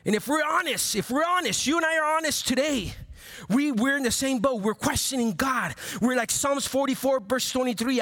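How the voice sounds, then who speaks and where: A man preaching a sermon as pastor, animated, with many repeated phrases and call-and-response to the congregation. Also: extremely high pitch, normal speed. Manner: animated, playful asides to the congregation.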